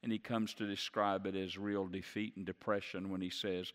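A man preaching a sermon, moving from low, hushed passages to loud, impassioned declarations. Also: level tone, moderate pace, hardly any pauses. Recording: long hall reverb.

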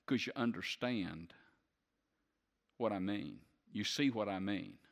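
A man's voice: lowish voice, long reverb tail. A man preaching a sermon who puts questions to the congregation and builds to emphatic peaks. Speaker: pastor.

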